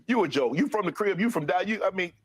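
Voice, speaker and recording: A man's voice: high voice, animated, fast talker, a little hiss or hum. A man hosting a reaction commentary, incredulous and mocking. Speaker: commentary host.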